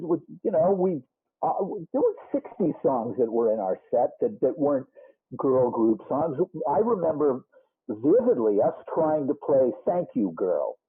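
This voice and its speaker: A man in his sixties with a Boston accent tells rambling rock-and-roll stories in a lively voice that swoops up and down. His voice is slightly husky and sounds squeezed and narrow, like a phone line. He keeps restarting sentences and throwing in asides. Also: fairly high pitch. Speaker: musician interview guest. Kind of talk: casual storytelling interview. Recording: muffled phone-like band.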